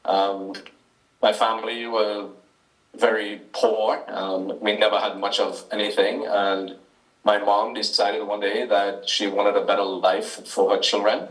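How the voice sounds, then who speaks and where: A man's voice: on the low side, level tone, a little slow, roomy sound, far from the mic, rough recording. A man from Trinidad and Tobago with a Trinidadian accent, answering interview questions as a guest author, hesitant with frequent ums and restarts.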